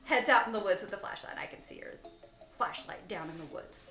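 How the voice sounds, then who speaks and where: A woman's voice: medium pitch, a little fast, pushed and bright, faint music behind. A woman hosting her own channel, telling a spooky story in a casual way, laughing often and dropping to a whisper at the tense parts. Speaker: host. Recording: echoey room.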